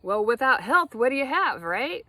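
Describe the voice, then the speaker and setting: A woman talking straight to her viewers in a rambling spiritual monologue, animated, laughing often and swearing freely. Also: sits high, normal speed, no room sound. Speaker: spiritual vlogger.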